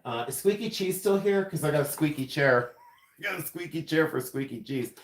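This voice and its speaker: A man's voice: on the high side, expressive, a little fast. Chatty man demoing silversmithing live. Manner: chatty, playful, laughs often, greets viewers. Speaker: silversmith jewelry maker. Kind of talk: livestream demo with chat. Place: jewelry studio.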